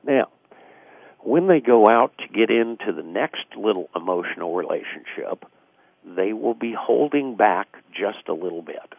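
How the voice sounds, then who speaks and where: A man with a low, gravelly, husky voice talks reflectively as a radio guest, piling on fillers. He comes through a tinny, dry phone line. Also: animated, a little slow, dry recording. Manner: reflective, acts out quoted dialogue, frequent fillers. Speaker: guest author. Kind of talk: casual radio interview explanation.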